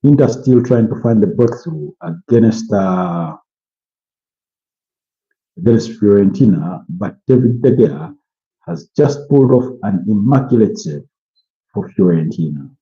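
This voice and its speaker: This tired Ugandan host of a football watch-along yawns and rambles, padding his casual live commentary and opinions with many "you know" fillers. His dark, lowish voice has lively intonation and an unhurried pace with long pauses, and the stream audio is muffled and lo-fi.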